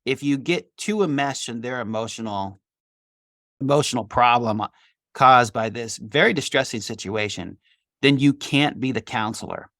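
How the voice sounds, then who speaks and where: A man's voice: mid-range voice, normal speed, no room sound, clean studio sound. A middle-aged man, a litigation attorney, telling a story from his work in an interview and acting out the dialogue. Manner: animated, acts out quoted dialogue.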